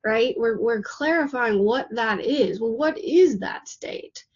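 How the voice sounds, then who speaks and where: A woman with a slightly high, breathy voice teaches a class in a chatty, looping way. She keeps checking in with the listener as she goes. The recording sounds a bit dull and lo-fi. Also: lively intonation, takes it slowly. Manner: chatty, repetitive, rhetorical "right?" asides. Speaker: manifesting coach.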